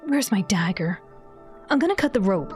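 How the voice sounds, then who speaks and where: A woman voicing an excitable young heroine from a game, with a shrill, squealing delivery. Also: normal speed, faint music behind, lightly acted. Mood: alarmed.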